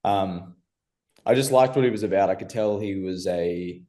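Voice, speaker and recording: Laid-back guy, lowish voice. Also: normal speed, warm tone. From Australia. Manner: laid-back, slangy, says bro. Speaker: amateur MMA fighter guest. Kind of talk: casual interview chat.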